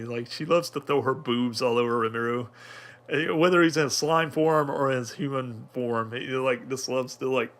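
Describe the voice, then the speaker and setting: A man's voice: mid-range voice, fairly bright tone. A man talking through an anime episode in casual review commentary, rambling with many fillers and restarts.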